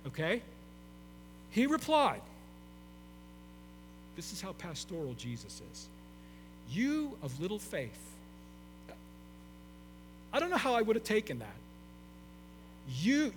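A middle-aged man preaching a sermon to his congregation, emphatic and repeating his key phrases. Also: very high-pitched. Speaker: pastor. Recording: long hall reverb with faint mains hum.

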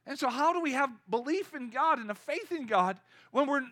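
A male pastor preaching to his congregation, with a high voice. His tone is bright and forceful, chatty one moment and loudly impassioned the next, and he keeps asking the room questions. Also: animated, moderate pace. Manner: conversational, rising to impassioned cries. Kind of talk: sermon. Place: church.

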